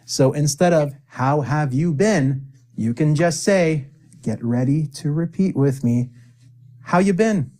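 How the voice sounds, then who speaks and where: Male English teacher, slightly high voice, slow and deliberate, leaves pauses for repetition, jokey asides. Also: dark tone. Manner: playful, joking asides to the viewer. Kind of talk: spoken-English lesson with repeat-after-me drills.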